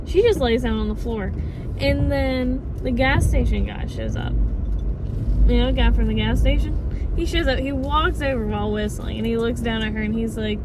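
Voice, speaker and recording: A woman's voice: on the high side, moderate pace, recorded from a distance. A woman vlogging from her car while driving home, rambling through a movie recap with plenty of swearing. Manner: rambling, profane, animated storytelling. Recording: tinny phone audio with loud car noise.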